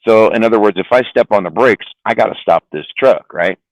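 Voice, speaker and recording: Gruff-sounding low male trucker, swears freely, dry close sound. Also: brisk, dry recording, low-quality recording. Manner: rambling, profane, repeats words. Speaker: trucker guest. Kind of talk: casual storytelling on a live stream.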